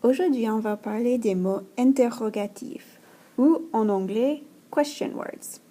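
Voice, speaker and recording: Woman teacher, husky, mellow, slightly high, careful explaining, voice-over lesson. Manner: slow, careful explaining with modelled French phrases. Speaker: French teacher. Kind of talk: recorded language lesson voice-over. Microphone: screen-recording voice-over.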